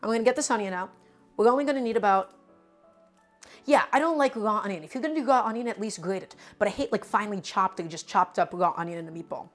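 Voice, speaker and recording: A woman's voice: mid-range voice, quick pace, soft background music. A woman with a New York accent, chatting and explaining as she cooks on a live stream and talking straight to her viewers. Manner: chatty and explanatory, often calls viewers "my friends". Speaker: cooking streamer. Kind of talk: casual live cooking demonstration.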